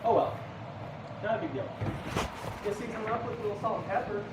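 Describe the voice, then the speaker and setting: Young guy from idaho rambling to his stream while he cooks, kinda high voice, echoey kitchen with the ac roaring. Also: fairly even intonation, a little fast. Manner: chatty and rambling, lots of "like" and fillers. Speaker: cooking livestreamer. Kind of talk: casual live-stream chat while cooking. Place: home kitchen with loud air conditioner. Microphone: camera mic, moving near and far. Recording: echoey kitchen with appliance noise.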